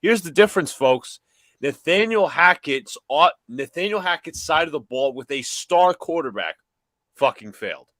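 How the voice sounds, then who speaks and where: A man with a lively, swinging voice making his case on a sports podcast. He is argumentative and emphatic, hammering each point home, and the sound is dry and close with no room echo. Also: a little high, normal speed. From New York area. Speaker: podcast host. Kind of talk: animated sports debate.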